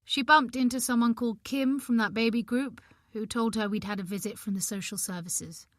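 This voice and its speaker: A woman narrator voicing a weary young husband who speaks in a flat, cool, firm tone. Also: on the high side, a little fast, dry recording, clean studio sound, lightly acted.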